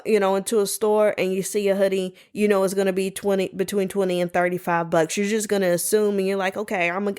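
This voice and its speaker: A woman hosting a solo podcast, telling stories in a sassy, animated way. She talks casually, saying "y'all" and "baby", and puts on playful voices when she quotes people. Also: mid-range voice. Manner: colloquial, says "y'all" and "baby". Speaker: podcast host.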